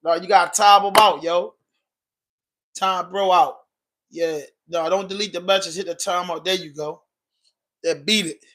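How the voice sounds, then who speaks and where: Man, Baltimore accent, slangy livestream host, a bit high-voiced, reading chat aloud. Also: fairly even intonation, moderate pace, long pauses, a bit bright. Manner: loose and slangy, reading out and answering viewer comments. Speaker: podcast host.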